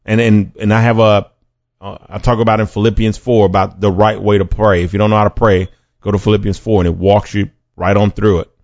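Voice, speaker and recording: A man with a low, gravelly voice preaches a podcast sermon in an earnest, conversational way and often restarts mid-sentence. The sound is dry and dull, with a lo-fi feel. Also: level tone, fairly quick, a little mellow, dry recording.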